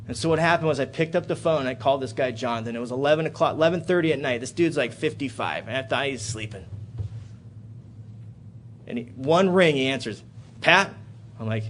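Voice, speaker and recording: At a convention in a hotel room, a man speaks fairly quickly about his recovery as an AA speaker. Profanity comes freely, and his dramatic telling rises to loud bursts and sinks to quiet lows, with a little hiss or hum audible.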